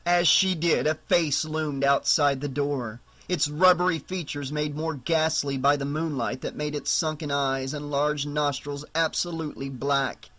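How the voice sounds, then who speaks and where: A man narrating a horror novel audiobook in a steady, measured storytelling voice. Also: on the high side.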